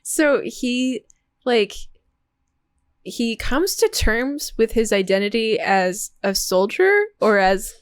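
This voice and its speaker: A young woman co-hosting a movie podcast in casual chat, talking with fillers, laughing often, and slowing down to explain. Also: a little high, expressive, clean tone, no echo. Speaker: podcast co-host.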